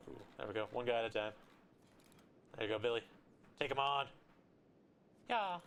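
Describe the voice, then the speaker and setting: A man from Colorado with a raspy voice, giving casual, rambling, joking commentary while he streams a game. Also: mid-range voice, fairly even intonation, a little fast, a bit bright, slight background noise.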